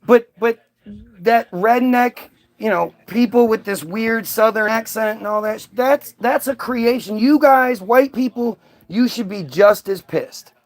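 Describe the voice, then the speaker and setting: Middle-aged male podcast host, high-pitched, rambling and profane, casual. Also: measured pace. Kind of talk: casual chat.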